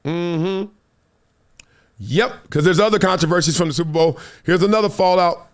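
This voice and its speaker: A middle-aged man with a Southern California accent, hosting a live show and telling a story in a lively way, acting out quotes and laughing often. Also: fairly high pitch, normal speed. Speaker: host.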